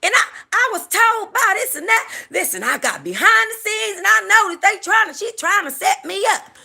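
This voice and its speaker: A woman doing a shrill, paranoid country woman. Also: very animated, normal speed, creaky, pushed and bright, exaggerated voice. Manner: shrill, accusatory, frantic. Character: high-pitched paranoid country woman, reality star.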